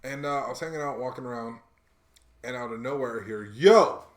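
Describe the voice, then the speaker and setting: A man's voice: medium pitch, fast talker. A young man co-hosting a podcast, spinning slangy stories and putting on the voices of the people in them. His voice sits in the middle of the range for a man. The room around him is echoey. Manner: animated storyteller, slangy, acts out quotes. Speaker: podcast co-host. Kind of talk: casual chat, storytelling.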